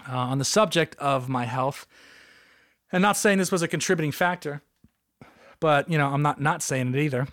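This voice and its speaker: A man with a slightly high voice hosts a comedic solo podcast. He rambles through stories full of asides and jokes, recorded close and dry with no room sound. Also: moderate pace, pauses often, dry recording. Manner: rambling, jokey, animated, with frequent asides. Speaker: podcast host.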